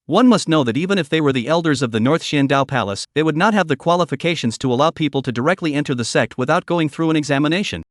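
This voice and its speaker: A man narrating a fantasy comic story in scripted form, with steady storytelling delivery. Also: on the high side, fast talker, few pauses, no echo, studio quality. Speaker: recap narrator.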